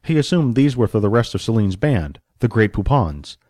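A man narrating an audiobook story with expressive storytelling and varied pacing. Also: lowish voice, normal speed, no room sound, studio quality.

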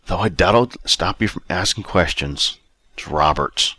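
A man's voice: low voice, measured pace, pushed and bright, breathy edge, no room sound, exaggerated voice. A man reading an audiobook, voicing an impatient older man who sighs a lot and turns out to be the narrator's future self. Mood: gruff, impatient. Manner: sighing, impatient.

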